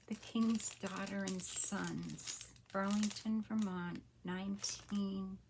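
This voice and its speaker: Woman, sixties, gravelly voice, unhurried, hushed and delighted, casual crafting chat. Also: mid-range voice, fairly even intonation, a little hiss or hum. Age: 60s. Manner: soft-spoken, often hushed, with gasps of delight. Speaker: crafter and channel host.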